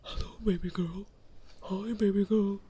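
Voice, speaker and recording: A woman putting on a loud, deep, swaggering dude-streamer voice. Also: steady tone, a little slow, breathy edge. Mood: hyped bro. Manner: booming, swaggering and hyped. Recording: noisy stream audio.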